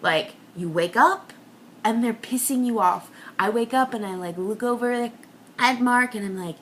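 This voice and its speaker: A young woman rants through a confessional comic monologue, mocking herself as she goes. Her voice is bright and tense. It swings from hushed whispers to high outbursts, over a faint background hiss. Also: moderate pace.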